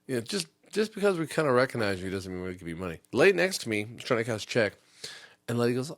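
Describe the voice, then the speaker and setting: A man's voice: mid-range voice, expressive, very fast, no echo. Rambling male comedy podcast host. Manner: rambling, jumping into impressions.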